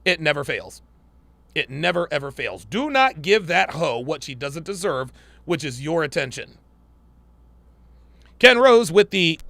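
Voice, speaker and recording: Gravelly, bright-voiced male podcast host. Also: on the high side, a little hiss or hum. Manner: blunt, profane, emphatic repetition. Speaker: podcast host reacting to clips. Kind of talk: casual reaction commentary.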